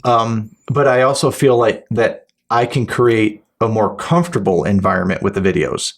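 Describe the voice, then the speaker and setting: Man, low-ish voice, rambling podcast host; casual, profane, restarts often. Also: moderate pace. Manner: rambling, restarts sentences, swears freely; acts out his partner's replies. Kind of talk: casual chat.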